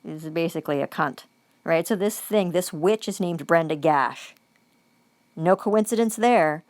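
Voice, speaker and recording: A woman's voice: lowish voice, measured pace, darkish tone, no echo. A woman giving an angry, profane vlog monologue, repeating phrases for emphasis.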